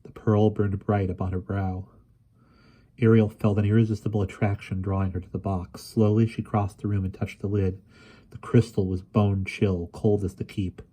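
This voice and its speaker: A man reading a fantasy novel aloud at a steady, measured pace, with the odd small restart. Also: fairly low pitch. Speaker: reader. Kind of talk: audiobook narration.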